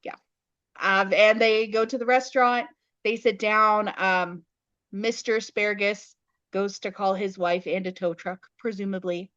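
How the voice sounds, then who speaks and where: A woman co-hosting a podcast in casual chat, recapping a story in detail with wry, deadpan asides. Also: mid-range voice, measured pace, dry recording. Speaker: podcast co-host. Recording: dull lo-fi podcast audio.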